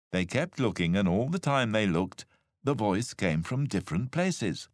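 A man reading a children's storybook aloud, slow and expressive. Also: on the low side, dry recording, studio quality. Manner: slow, animated, expressive read. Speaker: storybook narrator.

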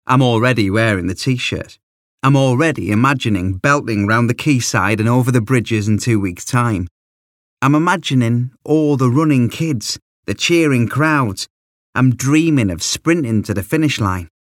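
A man reading a children's story aloud as a first-person narrator, in a lively, expressive way into a close microphone. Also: medium pitch, normal speed, dry recording. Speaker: audiobook reader.

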